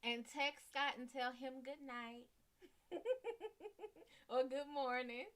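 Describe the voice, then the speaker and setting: A woman's voice: high-pitched, little pitch movement, slow pace, a bit bright. A woman giving casual live-stream psychic readings, slangy and playful, laughing often and calling viewers "sugar". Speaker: psychic card reader.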